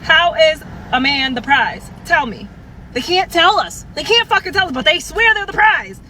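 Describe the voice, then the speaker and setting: Exasperated high-voiced woman ranting. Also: very animated, normal speed, slight background noise, low-quality recording. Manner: exasperated, profane, rising to a shout. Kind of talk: ranting social media video.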